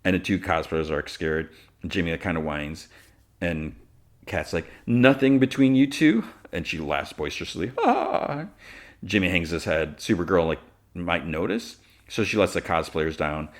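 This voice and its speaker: A man's voice: very deep voice, steady tone, normal speed, a bit bright. A man hosting a podcast, recapping an episode in a rambling, casual way full of asides. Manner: rambling, many likes and asides. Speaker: podcast host.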